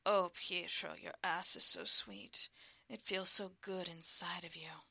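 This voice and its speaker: A woman voicing a gentle, confident male dessert chef in a whispered role-play, speaking softly and coaxingly. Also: medium pitch, level tone, normal speed, no room sound, natural voice. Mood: tender. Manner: soft, intimate, coaxing.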